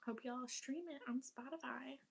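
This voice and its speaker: A woman's voice: high voice, steady tone, moderate pace, breathy edge. A young woman chatting casually while cleaning her apartment, rambling with lots of fillers and casual swearing. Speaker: vlogger.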